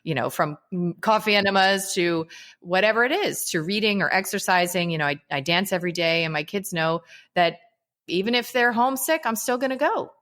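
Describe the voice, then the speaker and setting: A woman's voice: mid-range voice, animated, fairly quick, fairly bright tone. A woman talking as a guest in a casual, reflective interview, earnest and sprinkling in "you know" and "right?". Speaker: guest, holistic psychiatrist and author.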